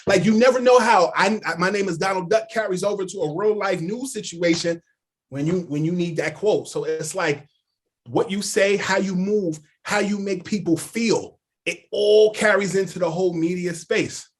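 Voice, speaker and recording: Chatty man, slightly high voice. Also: normal speed, husky. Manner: animated anecdotes full of "like" and "yo". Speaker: podcast guest, sports journalist. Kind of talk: casual podcast storytelling.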